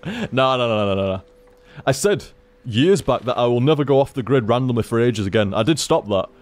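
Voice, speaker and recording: Rambling, foul-mouthed streamer. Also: male voice, medium pitch, lively intonation, fairly quick. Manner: loose, swears freely, repeats himself. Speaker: game streamer. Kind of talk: rambling casual chat to stream viewers. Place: at home at his computer.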